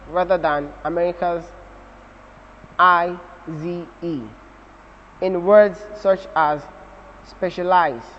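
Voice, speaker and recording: High-voiced Nigerian man teaching spelling. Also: a bit bright, slight background noise. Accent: Nigerian English. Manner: slow, repeats examples, spells letters out. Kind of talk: spelling lesson. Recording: dull audio with long reverb.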